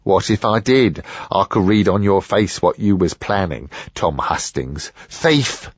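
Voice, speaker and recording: A man's voice: sits low, expressive, unhurried, husky, no room sound, lo-fi sound, heavily acted. A man voicing a greedy, sly older antique dealer who wheedles and mutters sourly.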